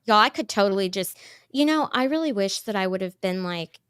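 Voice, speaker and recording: A woman's voice: medium pitch, animated, fairly quick, a bit bright, smooth, no room sound. A woman hosting a livestream, chatting casually and rambling with lots of "like". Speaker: YouTube livestream host. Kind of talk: casual chat.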